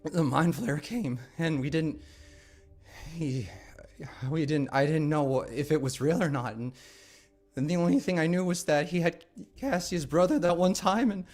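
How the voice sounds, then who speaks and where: A man voicing a tearful young male adventurer back from death, apologetic and rushed. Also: sits high, pitched above the performer's own voice.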